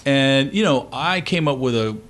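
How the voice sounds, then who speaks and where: A man chatting as a guest in a radio interview, relaxed and easygoing, rambling with fillers. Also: mid-range voice, normal speed. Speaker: guest performer. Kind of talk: casual interview chat.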